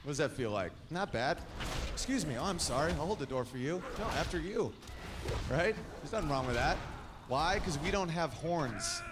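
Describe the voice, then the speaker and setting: A man's voice: on the high side, animated, moderate pace. A man doing a stand-up comedy set in a club, a brash storyteller who acts out both sides of his stories. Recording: noisy club recording with audience.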